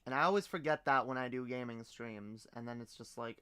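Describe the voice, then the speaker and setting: A man's voice: medium pitch, a little fast, hardly any pauses, fairly bright tone, smooth. A man from Canada chatting casually on a livestream, swearing a lot and stumbling through rambling restarts. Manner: profane, rambling, stammering restarts. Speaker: streamer.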